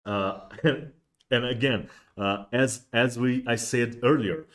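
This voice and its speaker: A man's voice: medium pitch, fairly even intonation, slow pace, a bit bright. A man hosting a casual livestream, rambling with many restarts and fillers. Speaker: host of a miniatures livestream.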